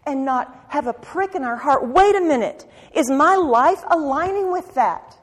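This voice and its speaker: A woman preaching a sermon with passion, firing rhetorical questions and swinging from loud to hushed. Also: high voice, animated, moderate pace, few pauses. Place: church sanctuary. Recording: reverberant hall.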